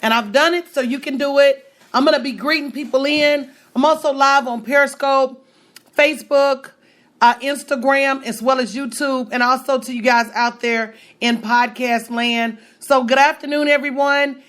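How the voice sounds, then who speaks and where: A woman business coach hosting a livestream, talking in an energetic, preachy motivational style and greeting viewers by name. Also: high voice, normal speed.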